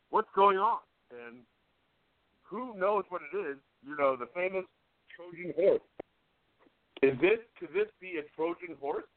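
A man with a fairly high voice co-hosts a radio show, chatting casually and rambling, laughing often and restarting his sentences. The recording sounds tinny and phone-like, with no room sound.

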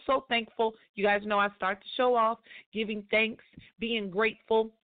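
Woman radio host, higher voice, casual chatty slang, upbeat, thin phone-like sound. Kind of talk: casual live radio talk. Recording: tinny phone-like line.

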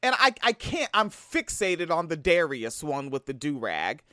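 A man's voice: on the high side, very animated, a little slow, bright, forceful tone, no echo, studio quality. Heated profane man ranting. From Tacoma, Washington. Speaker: video commentator. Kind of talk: reaction commentary.

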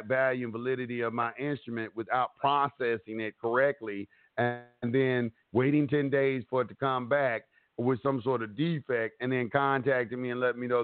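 A man hosting a casual instructional chat, animated and repetitive, acting out what he says in court. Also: medium pitch, no room sound. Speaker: host giving advice. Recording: dry tinny phone-like audio.

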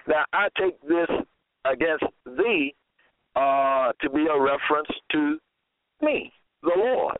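A man preaching a sermon and reading scripture aloud, slow and deliberate, often repeating phrases. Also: fairly high pitch, lively intonation, no room sound. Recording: tinny phone-line audio.

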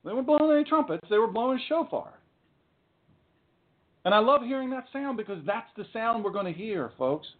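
A man preaching a sermon, fiery and emphatic, with dramatic pauses. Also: extremely high pitch, lively intonation. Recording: tinny phone-like sound.

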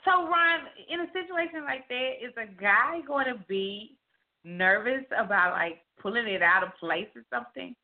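A woman hosting a casual chat show, animated and teasing as she exclaims. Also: fairly high pitch, moderate pace. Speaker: host. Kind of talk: casual podcast banter. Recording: tinny phone-like line.

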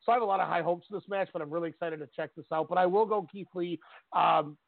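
A man's voice: high voice, quick pace, vocal fry, no echo. A man co-hosting a sports radio show, giving strong opinions on wrestling and laughing easily. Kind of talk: casual wrestling talk. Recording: tinny phone-line sound.

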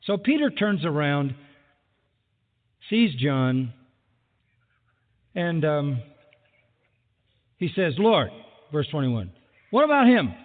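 A man preaching a sermon with lively delivery who acts out the people he quotes, recorded in a large hall. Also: a little high, drawn-out words, pauses often. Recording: phone-like sound with long hall reverb.

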